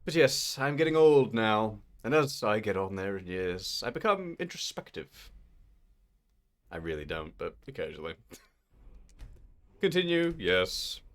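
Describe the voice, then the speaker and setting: A man in his thirties hosting a live game stream, chatting playfully and laughing often. His voice sits low, and he talks with a lot of swing in his pitch. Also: fairly bright tone. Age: 30s. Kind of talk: casual live-stream chat while gaming.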